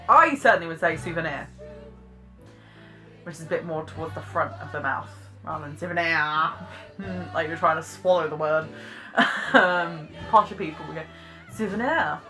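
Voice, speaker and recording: A woman's voice: low voice, steady tone, normal speed, bright, forceful tone, faint music behind. A British woman giving chatty, self-deprecating reaction commentary, laughing often as she talks. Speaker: vlogger reacting to clips.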